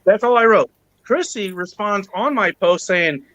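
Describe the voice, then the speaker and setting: A man with a noticeably high voice hosts a casual podcast chat. He tells a long grievance story with lots of energy, acting out everyone he quotes and cursing freely. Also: measured pace, dry recording, rough recording. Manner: animated, acts out quoted people, swears. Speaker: podcast host.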